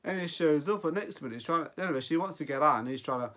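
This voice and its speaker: A man's voice: fairly high pitch, animated, very fast, a bit bright. A man in his forties giving an off-the-cuff film review, rambling and often losing his thread mid-sentence. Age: 40s. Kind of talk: casual unscripted film review.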